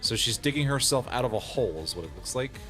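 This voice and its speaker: A man's voice: mid-range voice, expressive, fast, fairly bright tone, soft background music. A man streaming a game, chatting casually, laughing often and reading game text aloud. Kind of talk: casual gaming stream commentary.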